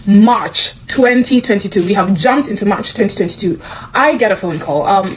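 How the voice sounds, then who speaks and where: A young woman from Kenya, a comedian, telling a personal story to camera in a casual, animated way, acting out the dialogue. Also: dull audio, background noise. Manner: animated, acts out the dialogue with quick pitch jumps.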